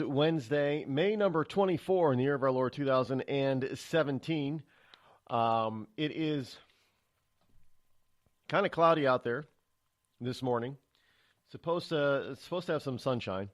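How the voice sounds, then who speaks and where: A man hosting a live morning call-in talk radio show, rambling with fillers and restarts as his anger shows. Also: mid-range voice. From New England, United States. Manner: chatty, then angry, with many fillers and restarts.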